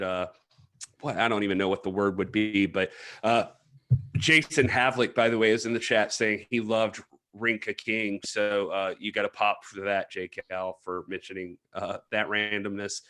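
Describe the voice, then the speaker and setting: A man's voice: on the low side, little pitch movement, a little slow. A man hosting a wrestling podcast in casual chat, reading out chat messages and laughing often. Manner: laughing, reads chat shout-outs, does impressions. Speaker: podcast host.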